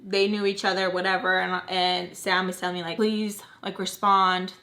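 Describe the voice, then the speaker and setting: A woman's voice: on the low side, little pitch movement, moderate pace, sharp tone. A woman in her thirties casually telling a personal story as a vlogger, chatty and dramatic. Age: 30s. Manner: chatty and dramatic, leaning on fillers.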